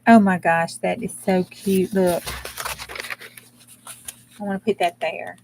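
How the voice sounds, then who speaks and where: Woman, folksy and blunt, casual crafting chat, clear background hiss. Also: on the low side, steady tone, slow, darkish tone. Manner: folksy, blunt, mild cursing, talks while working. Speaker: crafting channel host.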